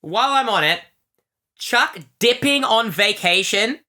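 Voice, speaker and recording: A woman co-hosting a podcast in casual comic chat, animated and full of quick jokes. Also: on the high side. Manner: animated, joking, quick asides. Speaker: podcast co-host.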